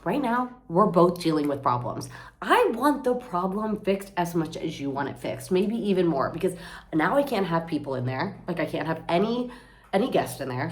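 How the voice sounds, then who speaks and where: Female vlogger, young adult, lower pitch; rambling, exasperated, profane venting. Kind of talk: casual venting vlog.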